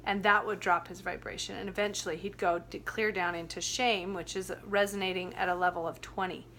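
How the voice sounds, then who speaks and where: A woman speaking in an earnest, gentle way as she recounts a workshop story in a relaxed chat. Her pitch sits in the middle of the range, and she lets her voice sink to a hush at tender moments. There is a faint noise bed under the recording. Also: fairly quick. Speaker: youth workshop facilitator.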